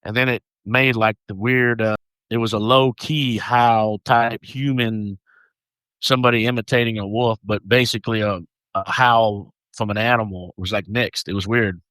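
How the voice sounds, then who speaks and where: A man's voice: lowish voice, fairly even intonation, moderate pace, fairly bright tone, no room sound, low-quality recording. Easygoing man with a Southern accent. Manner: easygoing, joking storyteller. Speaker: podcast co-host. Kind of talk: casual podcast chat.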